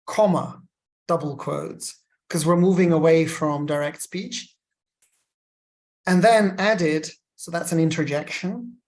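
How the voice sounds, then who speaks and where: A lecturer walks through legal writing rules, reading example sentences aloud and naming every comma and quotation mark. The delivery is methodical, with friendly asides to the students in a mid-pitched voice. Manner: explains step by step, reads examples aloud with punctuation.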